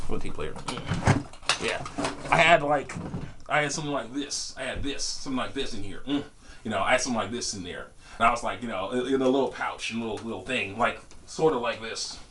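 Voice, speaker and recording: A young man telling a story in a casual vlog, rambling and laughing often, jumping into high voices for quotes. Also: brisk, fairly bright tone, slight background noise. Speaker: vlogger. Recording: distant from the mic.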